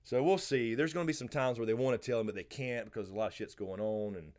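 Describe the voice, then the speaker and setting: A man's voice: mid-range voice, quick pace. Laid-back Southern man hosting a livestream. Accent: American Southern. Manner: relaxed, rambling, answers chat by name. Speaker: livestream host. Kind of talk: casual live Q&A chat.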